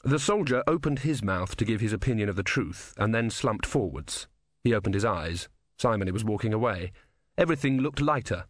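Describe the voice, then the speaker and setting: A man narrating an audiobook with expressive storytelling. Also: on the low side, fairly quick, dry recording, studio quality. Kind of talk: scripted narration.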